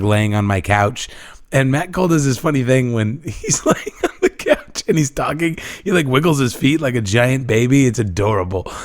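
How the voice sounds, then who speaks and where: A hoarse man with a worn-out voice hosts a relaxed podcast, rambling through his thoughts with plenty of ums and restarts. His voice is recorded very dry, with no room sound at all. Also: medium pitch, no echo. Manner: rambling, many restarts and fillers. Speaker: podcast host. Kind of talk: casual podcast chat. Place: living room.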